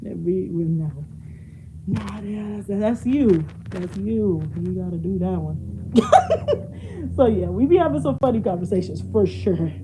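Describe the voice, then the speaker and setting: Moving from room to room as she cleans, a young vlogger talks casually at home, laughing a lot and wandering off-mic. She speaks at a measured pace and medium pitch with big pitch swings, against a noisy background.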